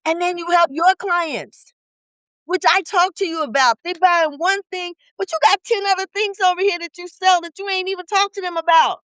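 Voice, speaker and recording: Bright, high-voiced emphatic woman. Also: steady tone, no echo, low-quality recording. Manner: emphatic, rapid-fire rhetorical questions; colloquial, blunt teaching tone. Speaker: business coach guest. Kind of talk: podcast interview. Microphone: podcast studio mic.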